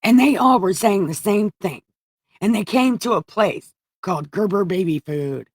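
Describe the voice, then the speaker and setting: A woman's voice: medium pitch, animated, moderate pace, no room sound, studio quality. A woman hosting a comedic Bible reading, paraphrasing with profane jokes. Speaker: host reading the Bible aloud.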